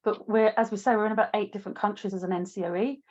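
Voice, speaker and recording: A woman speaking as a panel guest, talking in a steady, measured corporate way. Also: medium pitch, highs cut off. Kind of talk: panel interview.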